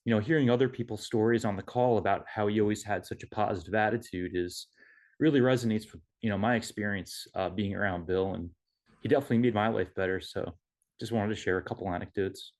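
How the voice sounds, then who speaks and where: A man with a fairly low voice shares a personal story at an online memorial, talking over a video call from home. He speaks in a casual, halting way, full of fillers and restarts. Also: a little mellow. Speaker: memorial speaker, son-in-law.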